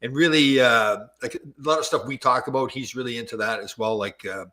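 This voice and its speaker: A man in his sixties hosts a podcast, spinning stories in casual conversation and laughing easily. He's animated, speaking briskly in a mid-range voice.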